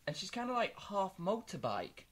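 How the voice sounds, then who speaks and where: A man on a comedy podcast, rambling through deadpan anecdotes with stammered restarts. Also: high-pitched, normal speed, husky. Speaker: podcast co-host. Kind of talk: comic storytelling chat.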